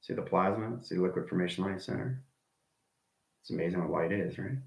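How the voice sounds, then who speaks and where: In a low, creaky voice, a spiritual teacher talks briskly to his livestream audience in a reverberant space. His talk is rambling and eager, full of repetition, with occasional drops into a whisper.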